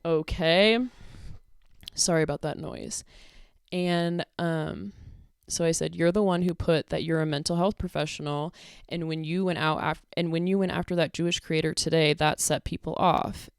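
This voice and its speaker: Sarcastic woman, low smooth dry voice. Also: fairly even intonation, moderate pace, dry recording. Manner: exasperated, sarcastic. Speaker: commentary creator. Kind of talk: casual commentary reading messages.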